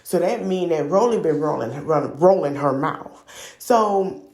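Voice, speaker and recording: A woman's voice: low-pitched, unhurried, a little mellow, echoey room. A woman hosting a podcast, casually recapping a reality show in a gossipy, opinionated, slangy way. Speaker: podcast host.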